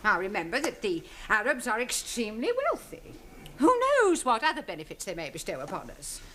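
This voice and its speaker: An actress playing a bossy, brisk school principal in a 1970s studio sitcom. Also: female voice, medium pitch, big pitch swings, a bit bright, a little hiss or hum. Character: bossy middle-aged woman principal.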